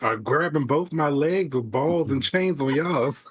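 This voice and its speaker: A woman's voice: sits low, measured pace. A woman co-hosting a casual podcast chat, making wry, giggly asides. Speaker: podcast co-host.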